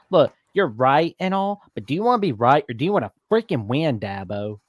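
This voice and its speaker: A man talking college football in a lively, opinionated way, scolding coaches in asides. His voice sits at an ordinary pitch and sounds dry and close to the mic, with no room around it. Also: fairly quick, hardly any pauses, dry recording. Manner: animated, mock-scolding asides. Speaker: college football show host. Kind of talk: casual sports talk.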